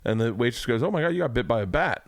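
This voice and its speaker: A man's voice: medium pitch, expressive, racing, no echo, clean studio sound. A man hosting a podcast, telling a story in a casual chat, acting out the people he quotes and swearing freely. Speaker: podcast host. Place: home studio room.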